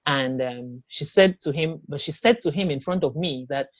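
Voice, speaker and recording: A woman guest and author telling her own story in an interview, animated, often acting out what others said. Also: low voice, normal speed, no room sound, studio quality. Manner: animated, acts out quoted speech.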